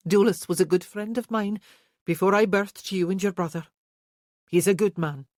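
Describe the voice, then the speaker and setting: A narrator voicing a gentle Highland mother who speaks soothingly and reassuringly in a historical romance audiobook. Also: moderate pace, dry recording, clean studio sound, natural voice. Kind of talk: audiobook character voice.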